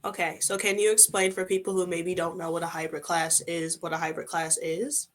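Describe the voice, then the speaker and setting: A young woman hosting a casual interview, chatty and animated, with lots of filler words. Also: lowish voice, brisk. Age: young adult. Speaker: podcast host interviewing a student.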